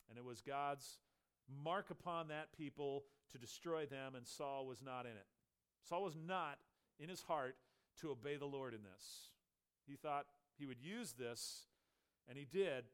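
A man preaching a Bible sermon, retelling the story with animated storytelling and acting out the characters' lines. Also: mid-range voice, smooth.

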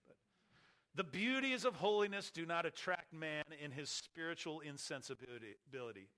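Male preacher, emphatic sermon delivery, slightly higher pitch, bright tone. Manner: emphatic, slows and stresses key words.

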